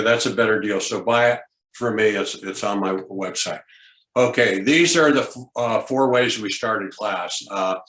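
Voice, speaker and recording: An older man, a former teacher, giving a conference talk and telling classroom stories, acting out his students' lines as he goes. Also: mid-range voice. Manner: lively storyteller, acts out students' lines. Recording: echoey room.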